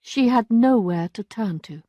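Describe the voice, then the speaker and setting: A woman reading a classic novel aloud for language learners, clear and measured. Her voice moves expressively up and down, and it is close and dry with no room sound. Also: on the high side, expressive, no room sound, lo-fi sound. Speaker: narrator. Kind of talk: scripted storybook narration for learners.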